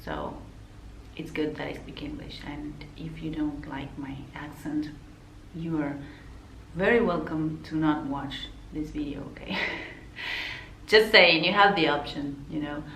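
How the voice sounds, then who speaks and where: An Argentine counselor and vlogger with an Argentine Spanish accent talks casually to the camera in a deep, fairly even, slightly slow and somewhat bright voice. She's chatty, laughing often and adding apologetic asides, filmed in an indoor room that isn't her usual spot. The rough recording sounds roomy, with a little hiss or hum.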